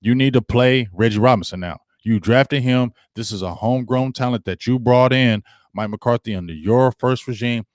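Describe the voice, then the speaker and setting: A man hosting a casual live-stream sports talk show, animated, acting out quoted coaches and answering viewers. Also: mid-range voice, normal speed, dry recording, clean studio sound.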